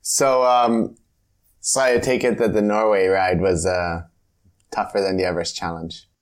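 A man hosting a podcast, chatting casually with a relaxed manner. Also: deep voice, unhurried. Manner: relaxed, brief reactions. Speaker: podcast host. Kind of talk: casual interview chat.

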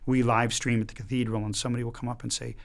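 Brief: middle-aged male priest guest from Michigan, mid-range voice, animated storyteller who trips over his words. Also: mid-range voice, creaky. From Michigan, United States. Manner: lively, talks in quick bursts with many restarts. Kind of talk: casual storytelling chat.

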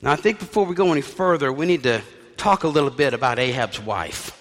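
A man's voice: medium pitch, a little fast, fairly bright tone, big-room sound. A male pastor preaching a sermon in a conversational storytelling way with wry asides.

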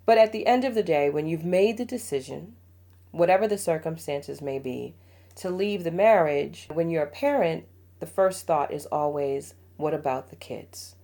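Middle-aged mother as podcast host, low gravelly voice, heartfelt and confiding. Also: normal speed. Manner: warm storytelling, emotional, laughs often. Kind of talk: heartfelt parenting podcast talk.

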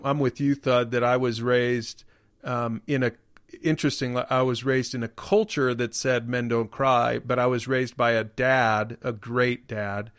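A man's voice: medium pitch, dry recording, clean studio sound. A man hosting a podcast, asking questions and encouraging his co-host. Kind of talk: casual podcast conversation.

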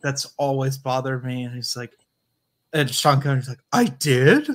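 A man co-hosting a casual film review chat, blunt and quick to call scenes dumb. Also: mid-range voice, level tone, a bit bright. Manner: blunt, dismissive quips. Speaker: podcast co-host.

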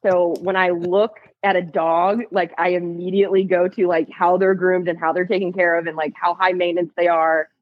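A woman's voice: fairly low pitch, level tone, normal speed, few pauses, no room sound. A woman in her twenties with a mixed New England, Southern California and Virginia accent, speaking frankly as a guest over a phone call, full of fillers. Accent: mix of New England, Southern California and Southern Virginia. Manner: frank, laughs easily, many fillers. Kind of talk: casual chat. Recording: dull phone line.

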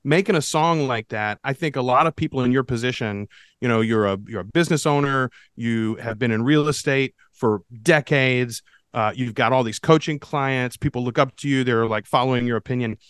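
A man co-hosting a podcast in casual, joking chat, talking quickly with frequent restarts. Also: medium pitch, a bit bright, smooth, dry recording, studio quality. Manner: quick, restarts and stumbles, jokey. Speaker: podcast producer and co-host.

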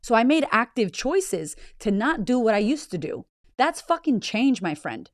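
A woman's voice: a little high, sing-song, moderate pace, dry recording, studio quality. A woman hosting a motivational podcast, talking bluntly and emphatically with lots of swearing and repeated phrases. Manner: blunt, heavily profane, emphatic and raw. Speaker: podcast host and business owner.

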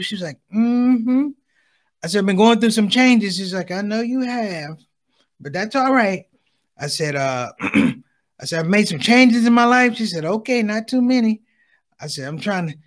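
Animated high-voiced male comedian. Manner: animated, acts out voices of his parents. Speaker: stand-up comedian. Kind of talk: stand-up comedy storytelling.

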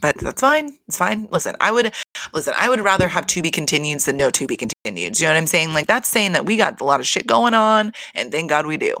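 A man's voice: a little high, sing-song, quick pace, bright, forceful tone, no echo, studio quality. A man giving a casual recap of a reality show, blunt and profane, exasperated, and laughing often.

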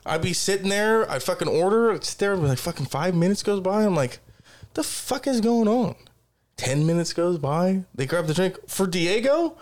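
A man co-hosting a podcast, telling casual stories full of swearing and acting out both sides of each exchange. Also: high-pitched. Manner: animated, swears constantly, acts out exchanges. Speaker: podcast co-host. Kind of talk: casual profane storytelling.

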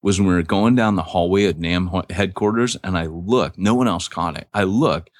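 A man co-hosting a podcast, telling jokey stories in casual banter with an animated, playful manner. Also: deep voice, moderate pace, no echo. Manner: animated joking storyteller. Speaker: podcast co-host.

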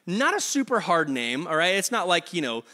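A high, bright male voice gives a relaxed, joking sermon to his congregation. He talks in a chatty way and stumbles over repeated words. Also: moderate pace. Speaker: pastor. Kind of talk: casual, humorous sermon.

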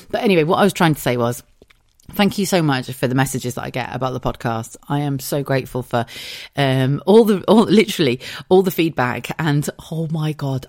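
A woman in her thirties from Cheshire in England with an English accent, hosting a solo podcast in a chatty, animated way and swearing freely. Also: a bass voice. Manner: chatty, swears freely, animated storytelling with put-on quoted voices. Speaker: podcast host.

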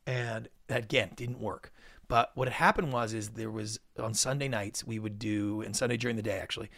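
Gravelly man telling stories. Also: fairly low pitch, a little fast, no room sound. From Canada. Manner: animated, acts out quotes. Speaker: podcast guest. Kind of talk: storytelling interview.

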